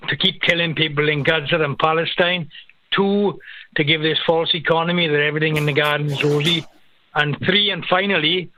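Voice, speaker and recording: A man's voice: a little high, no room sound. A British man calling in to a talk show, speaking in an earnest, indignant way with some stammering. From United Kingdom. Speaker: caller. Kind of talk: call-in commentary. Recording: dry tinny phone line.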